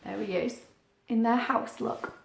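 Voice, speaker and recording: A woman's voice: fairly high pitch, steady tone, unhurried, gravelly, slight background noise. A woman reading a picture book aloud to children, chatting playfully with a puppet between pages. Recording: roomy echo.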